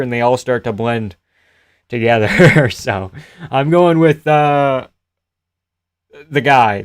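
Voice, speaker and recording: A man hosting a live fight-reaction stream, chatting loosely and profanely with his viewers and often trailing off quietly. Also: mid-range voice, clean tone, no room sound, clean studio sound. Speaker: live-stream host reading chat.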